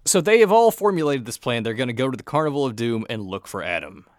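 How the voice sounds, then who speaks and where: A man's voice: medium pitch, big pitch swings, fast, no echo, clean studio sound. A man co-hosting a casual podcast, recapping a plot with a wry tone. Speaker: podcast co-host. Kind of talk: casual chat recapping a TV show.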